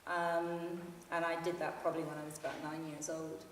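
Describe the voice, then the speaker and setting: In a library hall, a woman in her fifties reads from her memoir to an audience in a dry, understated storytelling manner. Her low voice moves little in pitch at a moderate pace. The mic is far off in the echoey hall, with slight background noise.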